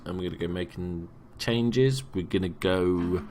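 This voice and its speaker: A man's voice: sits low, unhurried, darkish tone, slight background noise. A young man from England giving casual, sweary, jokey let's-play commentary as a gaming YouTuber.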